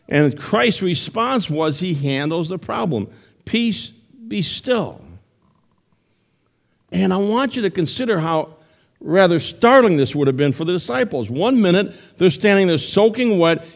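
A male pastor preaching a sermon to his congregation in church, retelling a story with shifting pace and loudness. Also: fairly high pitch.

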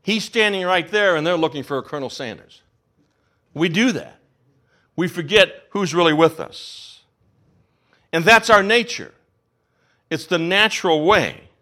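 Lively, animated male pastor preaching. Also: sits high, measured pace, long pauses. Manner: animated storytelling, acts out the voices of people in the story. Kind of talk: sermon.

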